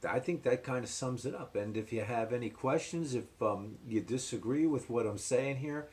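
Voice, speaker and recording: A man's voice: mid-range voice, normal speed, a little mellow. An older man from New Jersey offers earnest commentary as the host of a ministry show. His speech is casual and full of fillers, and he repeats key points to drive them home.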